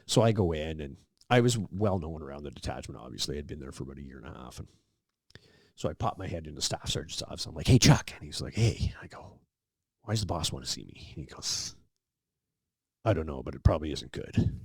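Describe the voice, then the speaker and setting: A middle-aged man, a podcast guest, telling long stories in a relaxed, casual way and acting out the lines of the people in them. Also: very deep voice, a little fast, creaky, dry recording, clean studio sound. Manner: relaxed anecdotal storyteller, acts out quoted dialogue. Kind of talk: casual storytelling interview.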